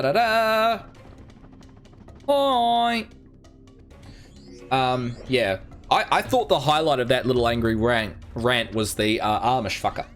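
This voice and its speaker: A man's voice: medium pitch, a bit bright. A man streaming a video game, rambling through crude jokes in casual commentary.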